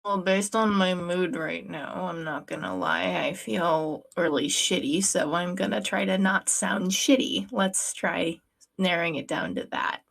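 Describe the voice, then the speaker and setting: A woman's voice: fairly low pitch, steady tone, a little slow, gravelly, fairly bright tone. A woman voice actor chatting casually on a recording stream, blunt and swearing, working through a headache. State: has a headache.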